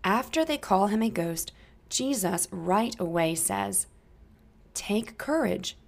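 A woman narrating a Bible story for young children, gentle and inviting the listeners to join in. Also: mid-range voice, expressive, measured pace, vocal fry.

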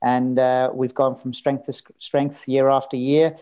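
A man's voice: mid-range voice, little pitch movement, measured pace, mellow, clean tone. A man talking as a podcast guest, telling his story in a candid, casual way and swearing now and then. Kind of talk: casual interview chat.

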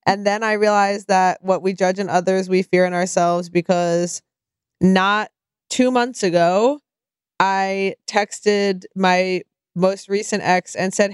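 A woman's voice: medium pitch, fairly even intonation, clean tone, dry recording. A young adult woman co-hosting a podcast, wry and self-deprecating in casual chat. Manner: wry and self-deprecating, rushes through read-out quotes. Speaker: podcast co-host.

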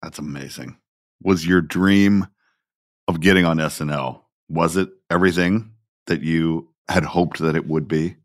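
A man's voice: very deep voice, fairly even intonation, measured pace, no room sound, studio quality. A man hosting a casual interview, asking loose, rambling questions and laughing easily. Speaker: podcast host.

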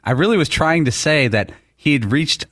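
A man's voice: on the high side, lively intonation, moderate pace, a bit bright. A man co-hosting a sports talk radio show, rambling and tripping over his words. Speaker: radio co-host.

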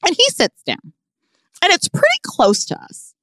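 A woman spins a comic tale, her pitch leaping wildly between lines as she laughs and exclaims. Her voice sits a little high and is recorded close and dry, as in a podcast studio. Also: moderate pace, no room sound. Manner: animated, emphatic storyteller who laughs often. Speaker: podcast co-host. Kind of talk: casual comedic storytelling.

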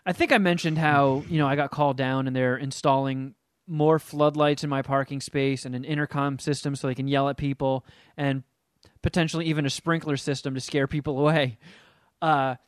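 A man's voice: mid-range voice, steady tone, a little fast, smooth, no echo, clean studio sound. A man co-hosting a casual chat, telling rambling stories and swearing freely. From Los Angeles area resident. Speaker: podcast co-host.

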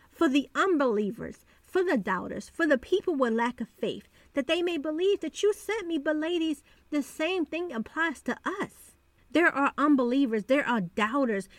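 A woman's voice: high voice, no echo. A woman hosting a devotional podcast, talking earnestly and repeating phrases for emphasis. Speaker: podcast host.

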